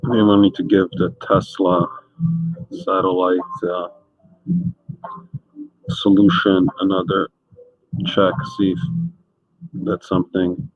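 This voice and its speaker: Low-voiced guy chatting while he paints live, dull lo-fi stream audio. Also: dry recording. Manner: chatty, joking, talks to chat between pauses. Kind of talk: casual chat while working.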